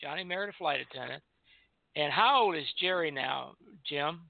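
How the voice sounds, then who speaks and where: An older man, a retired airline pilot, telling relaxed anecdotes on a call-in show and chuckling as he goes. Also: a little high, moderate pace, gravelly, no room sound. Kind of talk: casual reminiscing on a call-in show. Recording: tinny phone line.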